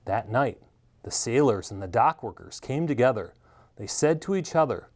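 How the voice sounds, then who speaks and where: A man reading a children's story aloud, animated and expressive. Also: medium pitch, moderate pace.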